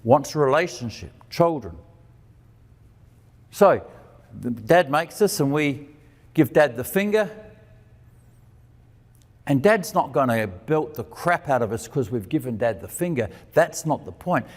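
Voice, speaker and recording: A man's voice: mid-range voice, animated, unhurried, pauses often. A man giving a conversational sermon. He asks questions and answers them himself, and he acts out the quoted lines of dialogue with changes in his voice. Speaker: preacher and teacher. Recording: long reverb of a hall.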